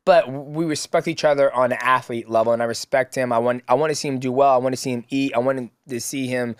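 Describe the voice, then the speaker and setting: A man's voice: mid-range voice, fairly even intonation, fast talker, smooth, no room sound, clean studio sound. A man in his thirties, a fighter as podcast guest, telling stories in casual chat, laughing often and swearing casually. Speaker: guest, mixed martial artist.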